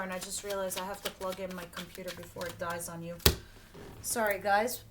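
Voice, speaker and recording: A woman's voice: lowish voice, steady tone, a little fast, heavy background noise. A woman giving a casual tarot reading, talking bluntly and straight to the viewer and swearing freely. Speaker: tarot reader.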